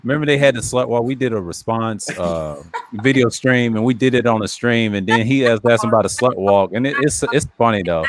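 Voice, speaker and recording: A man's voice: mid-range voice, brisk, background noise. An American man hosting a casual stream, laid-back and playful, often laughing. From United States. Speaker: streamer host.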